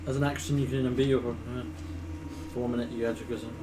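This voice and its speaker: A man's voice: medium pitch, flat delivery, quick pace, noisy background. Patient man running a tabletop game. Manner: patient, explains rules step by step. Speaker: game master.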